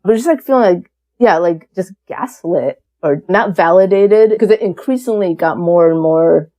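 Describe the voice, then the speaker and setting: Woman around 50, podcast guest, frank casual storytelling, swears, acts out quotes, mellow voice. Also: lowish voice, normal speed. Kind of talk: candid personal storytelling.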